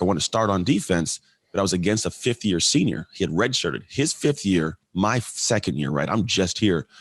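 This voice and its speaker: A low-voiced man in his late thirties from California tells his life story as a podcast guest, animated and acting out the voices of the people he quotes. The recording is dry with clean studio sound.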